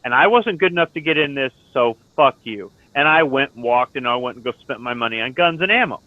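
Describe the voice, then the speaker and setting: In this clip a middle-aged ex-Marine chats in an online lobby, animated and brisk, at a medium pitch. His storytelling is blunt and profane, heard through tinny, phone-like voice chat without any room sound.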